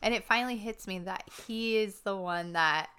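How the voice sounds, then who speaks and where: A young woman co-hosting a casual podcast in a conversational, venting tone, with swearing when she gets frustrated. Her voice sits at an ordinary middle pitch. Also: moderate pace, bright, forceful tone, clear, resonant tone. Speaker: podcast co-host. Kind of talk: casual chat.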